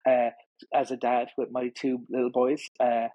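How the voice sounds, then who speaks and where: A middle-aged man with an Irish accent talks openly in a studio interview, stumbling and repeating himself as he finds his words. His voice is husky and slightly breathy. The sound is dry and close. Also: medium pitch, flat delivery, no room sound, muffled recording. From Ireland. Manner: halting, repeats words and restarts often. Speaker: guest. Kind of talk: candid interview conversation.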